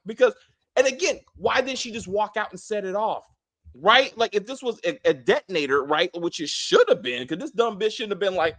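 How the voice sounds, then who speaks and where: A man co-hosting a casual TV review, animated and profane, acting out scenes in put-on voices. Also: sits high, moderate pace. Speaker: show co-host.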